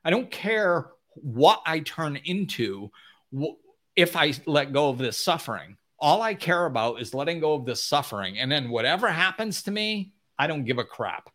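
A man speaking as a spiritual teacher gives an unscripted motivational talk, blunt and emphatic, frequently mimicking whiny voices in a high pitch. His delivery is sing-song at a moderate pace, with a pushed, bright tone.

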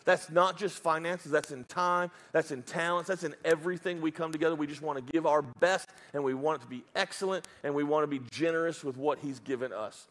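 A man's voice: on the high side, a little fast, hardly any pauses, fairly bright tone. A man preaching a sermon as pastor, telling a Bible story with jokes, asides and put-on voices.

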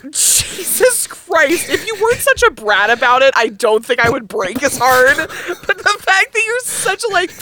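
A woman co-hosting a casual podcast about musical theatre, animated, laughing hard and cursing freely. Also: sits high, a little slow, few pauses, a little hiss or hum. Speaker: podcast co-host.

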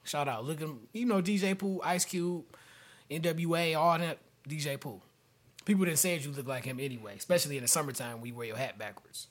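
Husky-voiced man hosting a casual podcast. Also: on the high side, a little fast. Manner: laid-back, joking, trades banter with his co-host. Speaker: podcast host. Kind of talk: casual chat.

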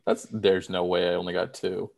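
A man on a casual sports podcast who protests loudly and laughs easily. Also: low-pitched, flat delivery, normal speed, creaky. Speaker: podcast co-host.

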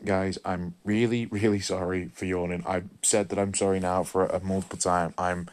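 Tired, rambling man, low voice. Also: little pitch movement, moderate pace. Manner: rambling, apologetic, full of fillers and restarts. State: tired, yawning. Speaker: film review host. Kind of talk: casual spoken film review.

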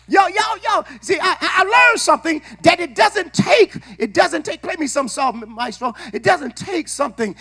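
High, bright preacher shouting his sermon. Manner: call-and-response preaching, rising to shouts; repeats words and restarts often. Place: church sanctuary.

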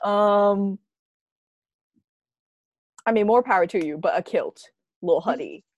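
A woman's voice: mid-range voice, no echo, lo-fi sound. Bubbly, giggly teen girl in a dry room. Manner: bubbly, giggly, quick to apologize. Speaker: co-host. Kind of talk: casual chat.

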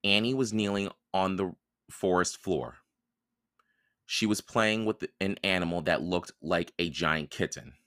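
A man reading a children's chapter book aloud for a podcast, in calm, even storytelling narration. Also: sits low, a little slow, no echo, clean studio sound. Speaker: podcast reader.

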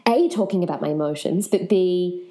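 A woman's voice: on the low side, a little fast. A woman guest telling her personal story frankly and with animation in an interview. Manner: frank, animated, swears casually.

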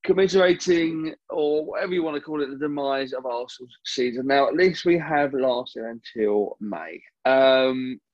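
A man hosts a solo podcast from his home late at night, talking frankly in a rambling, self-aware way. His voice sits at a middling pitch. The recording is dry and a bit dull, with no room sound. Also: moderate pace, hardly any pauses, dry recording. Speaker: podcast host. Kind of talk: casual solo podcast rant. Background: neighbour's car revving.

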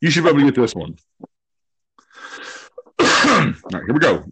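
This is a person running a casual guessing game at home, full of profanity and ribbing. The pitch jumps all over the place, and the tone is bright and sharp. The sound is close and dry. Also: sing-song, moderate pace, slightly rough, dry recording. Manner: profane, teasing. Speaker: game host.

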